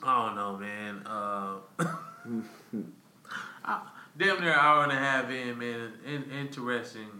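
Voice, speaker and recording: A man's voice: mid-range voice, slow pace, reverberant, a little hiss or hum. A man hosting a podcast, telling stories in casual, profane, laughing chat in a hotel suite. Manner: animated, profane, laughing storyteller. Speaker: podcast host.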